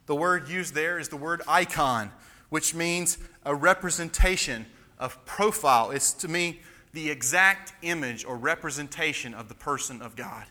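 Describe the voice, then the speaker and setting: A man's voice: a little high, moderate pace, bright, forceful tone. A man preaching an expository sermon, emphatic and building to fervent passion. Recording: long reverb of a large hall.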